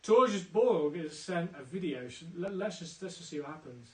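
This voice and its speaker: A man hosting a live online pub quiz, chatty and upbeat, teasing the players and giving them shout-outs. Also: sits high, animated, moderate pace, recorded from a distance. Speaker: quiz host. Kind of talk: live-streamed quiz banter. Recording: roomy, off-mic, faint music.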